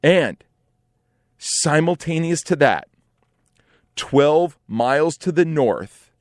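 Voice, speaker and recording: A man in his forties telling a comic personal story in an animated, profane, rambling style, often saying "like" and "right?". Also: fairly high pitch, slow pace, no room sound, clean studio sound.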